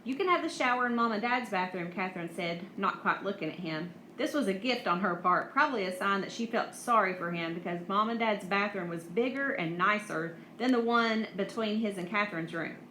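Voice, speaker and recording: A woman reading a novel aloud at an even pace, with small slips and restarts. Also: medium pitch, moderate pace, hardly any pauses. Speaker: audiobook reader. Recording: echoey room, faint hiss.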